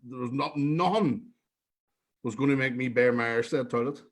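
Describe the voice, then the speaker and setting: A man's voice: mid-range voice, normal speed. A man, hosting a casual podcast with blunt, sweary banter. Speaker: podcast host. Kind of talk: casual chat.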